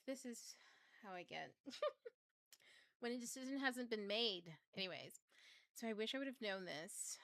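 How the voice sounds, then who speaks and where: A woman's voice: medium pitch, creaky, fairly bright tone, no room sound. A woman hosting a casual livestream, flustered and chatty. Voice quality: craggly. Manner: flustered, chatty, swears, laughs often. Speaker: host.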